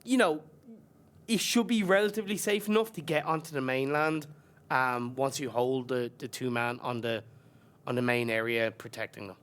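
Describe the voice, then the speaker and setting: A man's voice: mid-range voice, steady tone, normal speed, a bit bright, smooth. A man giving colour commentary on an esports match, talking through team tactics in a chatty, analytical way with plenty of fillers. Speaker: esports co-caster.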